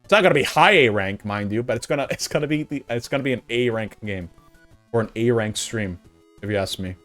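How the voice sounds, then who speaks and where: A young man streaming live, giving casual, rambling commentary full of restarts and fillers, sometimes laughing as he gets excited. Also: medium pitch, a little fast, faint music behind. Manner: gets excited and laughs when recalling fun moments.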